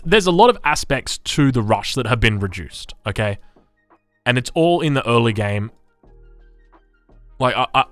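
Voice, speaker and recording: An Australian man streaming live, reading game patch notes and chatting with his chat in an animated, chuckling way. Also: medium pitch, no room sound. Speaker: gaming streamer.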